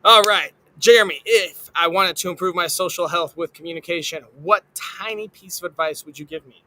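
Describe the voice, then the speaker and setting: A man's voice: high voice, a little fast, pushed and bright, low-quality recording. A man hosting a live talk show. He reads sponsor mentions, stumbling and restarting now and then, and leans hard on names before bringing out the guests. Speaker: host.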